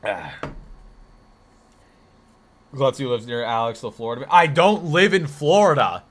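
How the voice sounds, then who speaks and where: A man from the northeastern United States chats casually on a live stream. His voice is bright and forward, and he rambles and corrects himself as he reacts to chat messages. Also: mid-range voice, lively intonation, measured pace, slight background noise.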